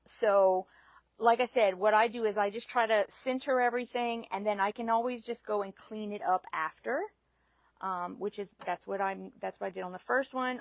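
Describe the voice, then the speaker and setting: A woman's voice: mid-range voice, no echo. A woman teaching a live sewing demonstration, chatty and self-deprecating, laughing at her own mistakes. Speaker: sewing instructor.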